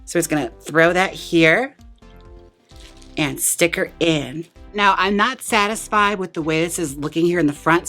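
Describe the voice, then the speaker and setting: A man's voice: high-pitched, sharp tone. A man chatting casually as he styles a wig and walks through each step. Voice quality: chatty and playful, talks while styling. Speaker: wig stylist and vlogger. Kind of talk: casual tutorial chat.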